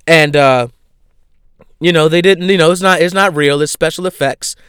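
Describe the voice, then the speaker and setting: Guy animatedly recapping a show, lots of filler words, smooth clear voice, dry close sound. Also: on the high side, normal speed, dry recording. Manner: animated storyteller, many fillers. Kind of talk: casual retelling of a show.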